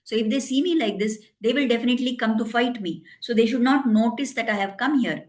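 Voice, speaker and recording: A woman's voice: on the high side, fairly quick. Woman telling a devotional story. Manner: explains and retells in simple English, quoting characters.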